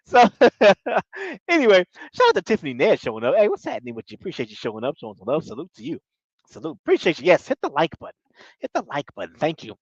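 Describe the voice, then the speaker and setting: Lively high-voiced man recapping a show. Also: racing, breathy edge, no room sound. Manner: animated, slangy, laughs often. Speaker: TV show reviewer. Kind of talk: casual recap chat. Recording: dull lo-fi dry audio.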